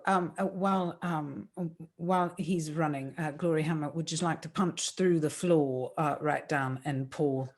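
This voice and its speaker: A woman's voice: low voice, moderate pace, few pauses. A woman player describing her character's actions hesitantly, with many fillers.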